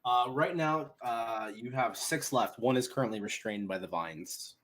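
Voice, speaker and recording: A man narrating a tabletop game as game master, animated and laughing often as he describes the action. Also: medium pitch, measured pace.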